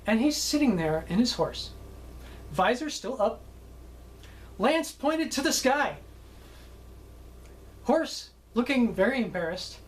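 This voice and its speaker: A high-pitched man, a film director, chattily tells anecdotes from a film shoot, often tagging his sentences with "okay?" and laughing at his own stories. The recording is low quality.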